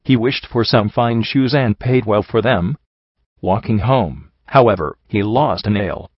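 A man voicing a lithe, cheerful zebra mare who tells a fable brightly, in a dry, dull recording. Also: fairly low pitch, measured pace, no room sound. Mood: storytelling.

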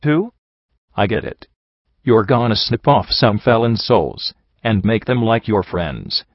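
A man reading a storybook voices an excitable young colt sidekick who fires off eager questions. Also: lowish voice, measured pace, slightly rough, no echo, exaggerated voice. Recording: dull lo-fi recording.

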